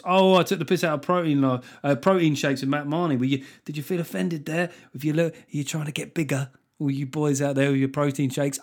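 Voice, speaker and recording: A man with a fairly high voice hosts a comedy podcast on his own. He talks casually and with a mocking edge, swearing freely as he riffs and reads from his notes. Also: brisk, few pauses. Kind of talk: casual solo podcast chat.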